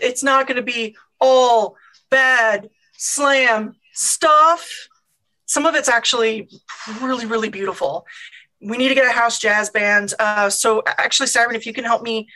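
A woman's voice: on the high side, pushed and bright, rough recording. A woman playing an organized, practical female bar manager who chats through a list of ideas. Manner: chatty, lists ideas with fillers.

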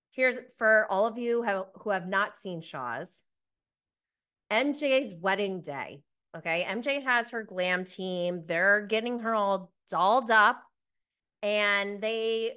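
Bright, chatty woman recapping reality TV. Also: mid-range voice, animated, takes it slowly, smooth. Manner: chatty, gossipy, laughs often. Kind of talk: casual episode review.

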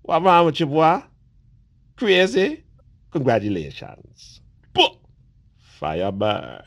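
A man recording a playful video shout-out in a put-on Jamaican patois accent, teasing and laughing. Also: fairly high pitch, huge pitch swings, creaky, no room sound, heavily acted. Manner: laughing, teasing, drawn-out exclamations. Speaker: celebrity recording paid video greetings.

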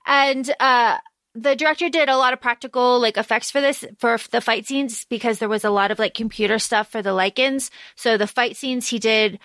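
A woman's voice: a little high, brisk, dry recording. A young adult woman co-hosting a podcast, recapping a film in casual chat and acting out the characters' lines. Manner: animated, acts out characters' lines with swearing. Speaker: podcast co-host.

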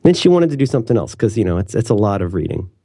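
Podcast co-host, man in his 30s, rapid rambling chat, dark mellow voice. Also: fairly low pitch, husky, no room sound, studio quality. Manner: rambling, self-interrupting, animated. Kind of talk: casual chat.

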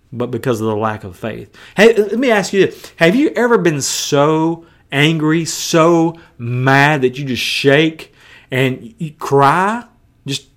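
A male preacher giving a sermon, emphatic and conversational, mixing scripture with colloquial asides. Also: a little high.

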